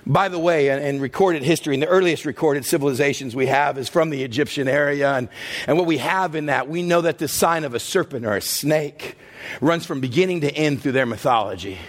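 A pastor, preaching a lively, story-driven sermon with a voice that sits a little higher than most men's. He keeps breaking off into jokey asides and acted-out voices. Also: brisk. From West Texas.

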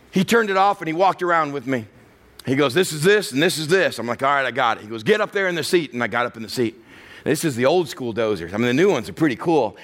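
A man's voice: a little high, a bit bright. A middle-aged man preaching a sermon, telling a personal story and acting out the voices of the people in it. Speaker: pastor.

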